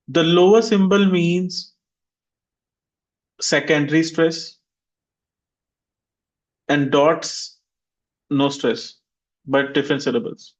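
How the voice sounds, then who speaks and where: A man teaching an online English class, drilling pronunciation by slowly repeating words for his students. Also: a little high, low-quality recording. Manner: slow, deliberate repetition of words for students.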